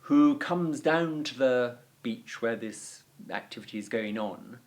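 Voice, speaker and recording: Animated man teaching a language lesson. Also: mid-range voice, slow pace. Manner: animated explaining, chatty fillers. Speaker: Latin teacher. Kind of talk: video lesson.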